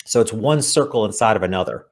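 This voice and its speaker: A man's voice: on the low side, expressive, fast. A man, an author guesting on an interview show, talking earnestly as he explains his ideas. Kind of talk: interview conversation.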